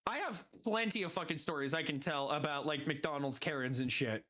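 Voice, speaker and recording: A woman's voice: low-pitched, brisk, a bit bright. A woman streamer telling a story casually while gaming, exasperated and swearing constantly.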